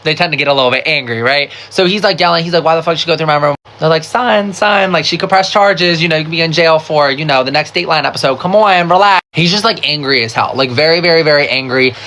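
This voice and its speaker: This fast-talking storyteller rarely pauses, using a mid-range voice in a laid-back storytime video. Expect heavy swearing, nonstop "like" fillers, and an animated, dramatic, chatty retelling where they act out what everyone else said.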